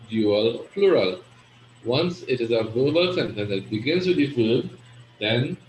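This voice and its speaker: A man teaching an Arabic grammar class, explaining step by step and often checking in with "right?". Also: medium pitch. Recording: echoey room with faint noise.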